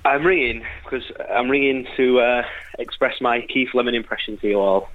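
A man's voice: mid-range voice, normal speed, narrow, tinny audio. A man from Leeds with a Leeds accent, calling in to a radio show and chatting easily. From Leeds, England. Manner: easygoing, chuckling. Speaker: caller. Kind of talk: phone-in radio chat.

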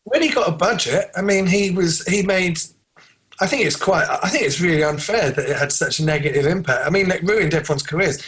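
A man's voice: sits high, a little fast, fairly bright tone, low-quality recording. A man co-hosting a casual film podcast, rambling through trivia with many fillers and restarts. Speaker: podcast co-host.

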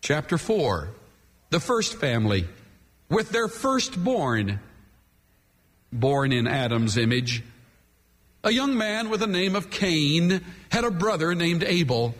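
A man's voice: high voice, fairly bright tone. A man preaching a sermon from the pulpit, emphatic and dramatic, leaning hard on key words. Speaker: pastor. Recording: long hall reverb.

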